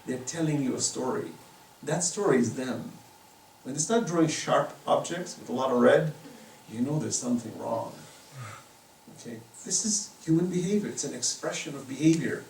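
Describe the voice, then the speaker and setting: Creaky and medium in pitch, this man speaks at a moderate pace as an Islamic lecturer, passionately preaching in a private residence through stories and moral lessons. He varies his volume widely; the audio comes from a distance in an echoey room with light noise.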